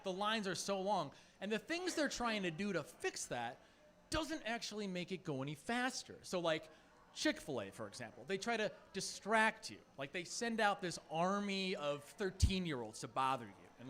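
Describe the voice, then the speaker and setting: A man in his thirties from Phoenix, Arizona, talking through a stand-up set in a rambling, chatty way. His voice sits high for a man and swings widely in pitch. He leans on filler words as he goes. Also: a bit bright. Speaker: stand-up comedian.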